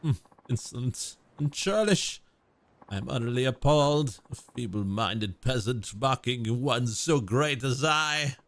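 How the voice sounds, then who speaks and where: A man voicing a haughty, self-important would-be nobleman of thirty-five while reading game dialogue aloud, in a grandiloquent, drawn-out theatrical delivery. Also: mid-range voice, lively intonation, voice pushed down.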